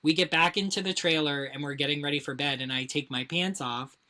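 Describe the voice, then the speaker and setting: Low-voiced woman telling a story. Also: fairly quick. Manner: animated storyteller, frequent swearing and filler "like". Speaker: podcast co-host. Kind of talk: casual chat, storytelling.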